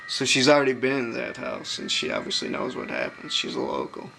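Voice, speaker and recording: A man's voice: mid-range voice, huge pitch swings, a little fast, vocal fry, sharp tone, soft background music, poor audio. Crude joking man reviewing movies. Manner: crude, joking commentary, laughs often. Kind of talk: casual chat.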